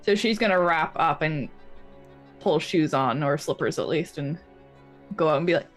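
A woman's voice: sits low, normal speed, long pauses, soft background music. A woman tabletop game player chatting and narrating her character's actions. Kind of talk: casual chat.

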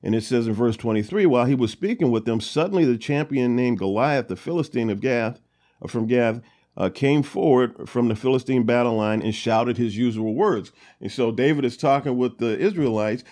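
A man with a mellow, medium-pitched voice and moderate pace hosts a Bible study. He reads verses aloud, then retells them loosely and conversationally with lots of fillers.

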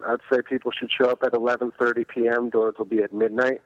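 A man calls in over a dull, muffled phone line. He speaks at an even middle pitch, relaxed and informative. The sound is dry, with no room around it. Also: fast talker, no room sound. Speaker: event organizer calling in. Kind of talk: casual phone call-in.

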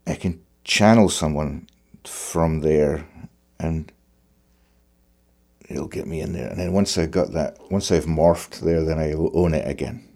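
Male musician, deep and mellow voice, reflective and searching; conversational. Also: unhurried. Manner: thoughtful, searching for words. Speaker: fiddler.

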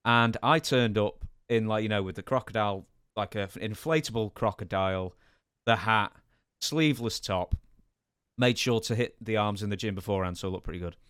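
Self-deprecating Englishman with a low voice. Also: fairly quick, a bit bright, smooth, dry recording, clean studio sound. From England. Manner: chatty and self-deprecating, laughs at himself. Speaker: podcast co-host. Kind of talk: casual chat.

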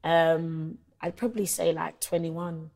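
A young woman in her twenties speaks with a London accent in a casual interview. She chats and tells stories freely, often with ums and likes, in a slightly low voice. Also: steady tone, unhurried, creaky, a little mellow. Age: 20s. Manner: chatty storyteller, many ums and likes. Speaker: guest, singer-songwriter.

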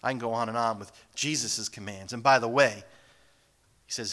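A man preaching a sermon in an emphatic way, swinging from raised declarations down to hushed, whispered lines. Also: medium pitch, normal speed.

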